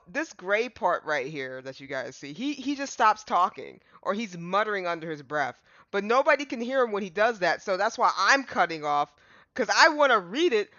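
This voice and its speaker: A woman's voice: mid-range voice, pushed and bright, no echo, dull audio. A woman streamer giving casual, laid-back commentary while playing a game, with slangy asides. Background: game music.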